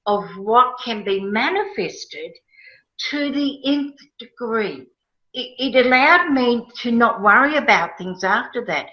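A woman telling a personal story in a casual interview, animated and emotional, acting out her own past words. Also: on the high side. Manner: animated, emotional, quotes herself with rising excitement. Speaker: guest. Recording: roomy, slightly dull sound.

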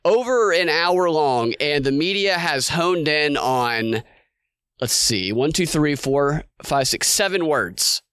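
A man co-hosting a podcast, talking over political news in a casual, animated way and acting out quotes. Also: a little high, slow pace, smooth, no echo. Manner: animated, quotes others in put-on voices. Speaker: podcast co-host.

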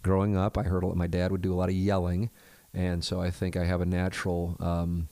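A middle-aged man hosting his own podcast, talking in a calm, measured, conversational way. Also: low-pitched, no echo. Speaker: podcast host. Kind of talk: casual solo talk and live read.

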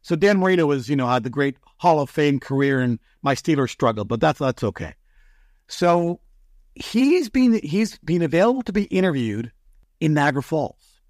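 Animated man telling broadcast stories. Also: fairly high pitch, moderate pace, no room sound, clean studio sound. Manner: animated, excitable storyteller. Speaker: sports broadcaster guest. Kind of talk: storytelling in a podcast interview.

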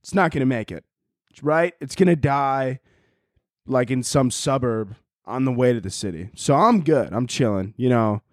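Profane rambling comedian, dry close mic. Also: male voice, mid-range voice, lively intonation, normal speed, a little mellow, no echo. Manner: profane, rambling, laughs at own jokes. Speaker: podcast host. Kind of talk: casual comedic rant.

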